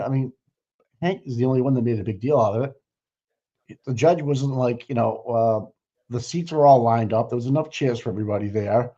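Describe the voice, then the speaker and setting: With a Boston accent, a man co-hosts a casual livestream, rambling and opinionated, full of fillers and quick to laugh. His mid-range voice is dark-toned and fairly quick, heard through dull lo-fi stream audio.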